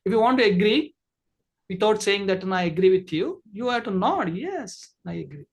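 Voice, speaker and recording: A man's voice: high-pitched, expressive, fairly quick. A man who trains people in communication, giving an online masterclass lecture over a video call, explaining at length with many fillers and restarts.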